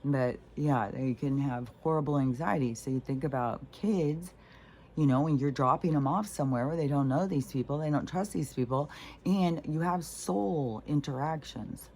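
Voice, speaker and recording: Woman, middle-aged, very deep voice, profane rambling chat, faint background hum. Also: moderate pace, darkish tone. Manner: blunt, profane, rambling with many fillers. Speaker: spiritual vlogger. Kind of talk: casual rambling monologue.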